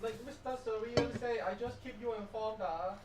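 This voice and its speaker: Woman, off-mic helper, broken halting english, repeats herself, background noise. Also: on the high side, a little mellow. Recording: distant voice in an echoey room with noise.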